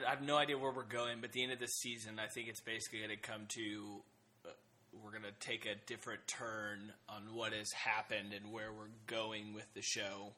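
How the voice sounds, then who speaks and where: A man's voice: on the low side, sharp tone. A man co-hosting a casual TV discussion podcast, talking hesitantly with many fillers and restarts. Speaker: podcast co-host.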